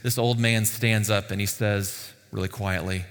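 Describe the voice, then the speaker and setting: Lively man preaching in a reverberant hall. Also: on the low side, measured pace. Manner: lively, conversational with rhetorical questions and laughs. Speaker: pastor. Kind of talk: sermon. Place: church sanctuary.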